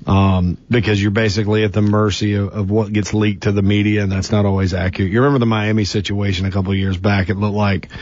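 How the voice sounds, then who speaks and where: Male radio co-host, opinionated, halting, dry lo-fi broadcast. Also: fairly low pitch, level tone, a little mellow, no room sound. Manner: opinionated, many restarts. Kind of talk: sports radio talk.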